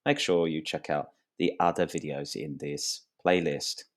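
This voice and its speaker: A man with a deep, low voice teaches English grammar at an unhurried pace. He explains each point slowly and clearly, his voice rising on questions to draw the viewer in. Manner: slow, clear and lively, rising pitch on questions. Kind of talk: grammar lesson to camera.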